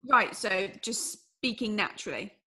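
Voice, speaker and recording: A woman's voice: medium pitch, expressive, normal speed, sharp tone, slightly rough. A woman asking curious questions in a scripted educational chat. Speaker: curious learner.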